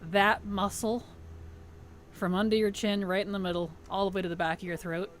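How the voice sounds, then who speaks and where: A woman's voice: mid-range voice, flat delivery, moderate pace, a little hiss or hum. A woman streamer in casual livestream chat, thanking subscribers, answering chat and giggling often.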